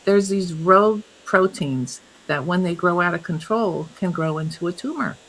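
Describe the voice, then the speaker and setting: A woman guest, a health coach, telling stories in an interview, animated and laughing often as she acts out what others said. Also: lowish voice, normal speed, low-quality recording. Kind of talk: storytelling in an interview.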